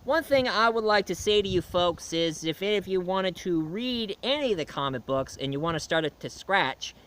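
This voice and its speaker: A man's voice: high-pitched, lively intonation, normal speed, a bit bright, clear, resonant tone. A man giving a casual film and comic review, rambling along with many fillers and restarts.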